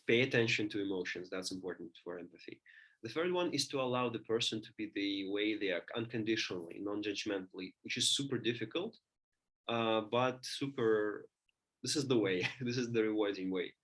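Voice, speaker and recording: Man lecturing, halting and thoughtful. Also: lowish voice, fairly bright tone. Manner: thinking aloud, many restarts and fillers. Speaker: teacher.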